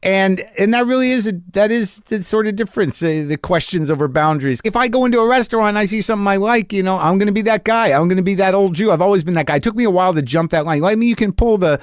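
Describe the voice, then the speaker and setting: A man's voice: high-pitched, animated, quick pace, few pauses, clean tone, dry recording, studio quality. A man hosting a podcast, musing in a rambling, self-deprecating way and chatting casually with a guest. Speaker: podcast host. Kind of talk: casual chat.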